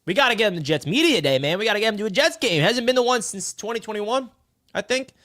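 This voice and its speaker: A man's voice: high voice, animated, fast talker, sharp tone. Hyped-up young man hosting a live stream. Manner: upbeat, effusive, hyped-up. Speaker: host of a live fan stream. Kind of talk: excited live-stream chat.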